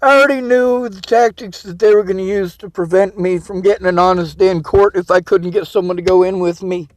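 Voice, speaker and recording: A man with a very high voice delivers an angry personal rant. He swears freely and lashes out at the people he blames. The sound is dry and close, with no room echo. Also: fairly even intonation, a little fast. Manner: bitter, swearing, vents in outbursts. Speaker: vlogger.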